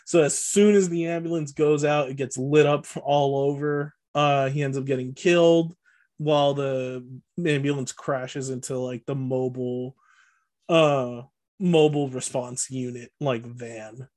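A man's voice: mid-range voice, fairly even intonation, measured pace, darkish tone. A man co-hosting a podcast, casually recapping a movie plot with lots of fillers and frequent laughs. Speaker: podcast co-host.

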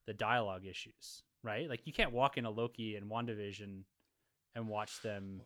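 A man's voice: lowish voice, normal speed, fairly bright tone, dry recording, clean studio sound. Man making a point on a podcast. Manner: questioning, prompting others. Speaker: podcast co-host. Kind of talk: casual round-table discussion.

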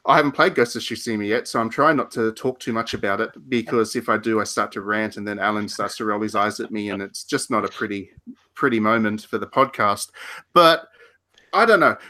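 A man's voice: lowish voice, fairly quick, pushed and bright. A man co-hosting a podcast, chatting casually about video games with frequent restarts and laughs. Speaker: podcast co-host. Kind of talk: casual game discussion.

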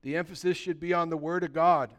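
Animated, clear-voiced male pastor. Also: fairly high pitch. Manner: animated, humorous asides, rapid list-making. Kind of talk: sermon.

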